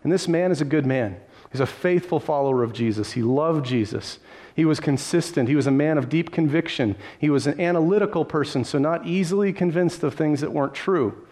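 A pastor telling a Bible story in a sermon, vivid and lively, with conversational asides. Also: male voice, fairly high pitch, brisk.

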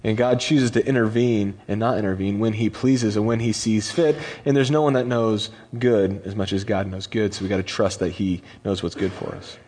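A man's voice: lowish voice, fairly even intonation, moderate pace, few pauses, a little mellow, slightly rough. Man preaching in a casual, chatty way. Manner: conversational, paraphrases scripture in slangy voices. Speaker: pastor. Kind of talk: casual sermon.

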